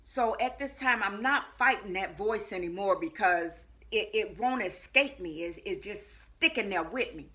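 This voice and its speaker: A woman, a life coach, telling her personal testimony in earnest, repeating phrases for weight and moving between hushed and loud moments. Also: medium pitch, unhurried, hardly any pauses. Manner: earnest storytelling with frequent repetition; shifts between hushed and loud as she tells it.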